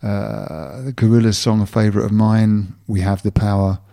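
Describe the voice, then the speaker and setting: A man's voice: fairly low pitch, normal speed, vocal fry, warm tone, no echo, clean studio sound. A man with a London accent co-hosting a radio music show, chatting casually and musing with lots of fillers.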